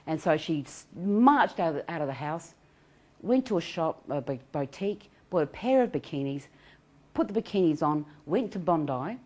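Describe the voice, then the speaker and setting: A middle-aged woman giving an animated self-help talk on anxiety recovery. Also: sits low, moderate pace. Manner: animated, acts out quoted voices, laughs often.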